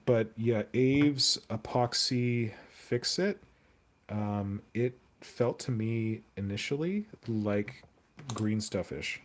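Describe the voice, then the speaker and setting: A man's voice: lowish voice, slight background noise. A young man chatting casually on a live stream while he sculpts, rambling and answering viewer comments aloud.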